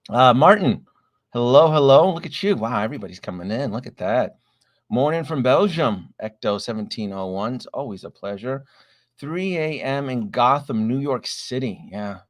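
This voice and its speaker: A man's voice: mid-range voice, animated, moderate pace, no room sound, studio quality. A middle-aged man hosting a casual late-night livestream, recovering from a chest cold and a little short of breath, greeting viewers one by one with plenty of "uh"s. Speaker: livestream host. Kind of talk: casual live-stream chat reading viewer names.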